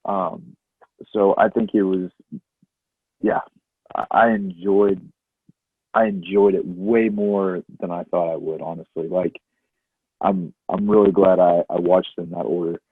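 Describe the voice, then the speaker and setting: A man's voice: sits low, fairly even intonation, unhurried, long pauses, breathy edge, no echo. A man co-hosting a podcast, chatting in an easygoing, filler-heavy way about movies. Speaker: podcast co-host. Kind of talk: casual movie chat. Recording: tinny phone-like line.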